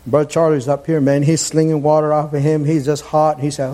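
A male preacher delivers a fervent sermon in a church. His voice sits fairly high and pushes upward into shouts as he drives his points home. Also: level tone, brisk.

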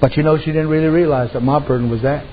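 A man with a high-pitched voice preaches to his congregation in a folksy storytelling way, retelling his conversations with "I said" again and again. The recording is dull and lo-fi, with faint room ambience behind him. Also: fairly even intonation, fast talker, slight background noise. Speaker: pastor. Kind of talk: sermon.

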